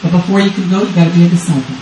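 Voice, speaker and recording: A woman's voice: lowish voice, rapid-fire, mellow, distant mic, a little hiss or hum. A woman in her fifties from Texas, a grandmother, preaching a sermon as guest speaker with urgent, repetitive call-and-response. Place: church service. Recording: roomy church sound from off-mic.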